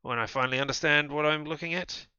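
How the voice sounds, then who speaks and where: A man streaming a game, reading its first-person narration in a calm, low-key way. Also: fast talker, clean tone, no echo, lo-fi sound.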